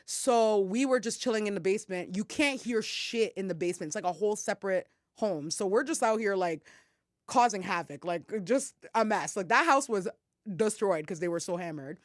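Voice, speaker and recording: A young woman from Ottawa, Canada, co-hosts a podcast, telling stories in a casual chat. She's animated, acts out quotes, and swears freely. Her mid-range voice moves at a moderate pace, captured on a dry close mic.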